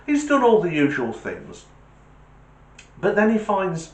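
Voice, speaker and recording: A man hosting his channel, telling a joke as a chatty, animated storyteller. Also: high-pitched, slow, pauses often, reverberant, rough recording. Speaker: channel host.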